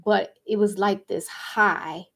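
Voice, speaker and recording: A woman with a gravelly, creaky voice speaks in a relaxed, chatty way, hosting a spiritual podcast. She talks casually, filling her sentences with ums and likes. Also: medium pitch, slow pace. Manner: relaxed, chatty, with frequent fillers and laughs. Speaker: podcast host and card reader.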